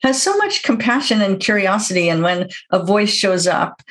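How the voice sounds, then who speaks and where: A woman speaks as a podcast guest in an easy, conversational way. Her voice sits at a middle pitch, and her delivery is reflective and gentle, with soft laughter running through it. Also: animated, moderate pace.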